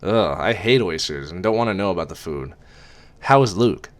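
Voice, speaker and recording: A man's voice: deep voice, lively intonation, normal speed. A man voicing a nosy, pushy young woman friend who teases bluntly in an audiobook reading. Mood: prying. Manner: blunt teasing.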